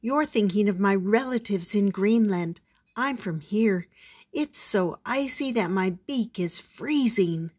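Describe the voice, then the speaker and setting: A woman's voice: mid-range voice, lively intonation, slow, darkish tone, breathy edge. A woman voicing a small, timid male grouse in a storybook reading, whispery and plaintive.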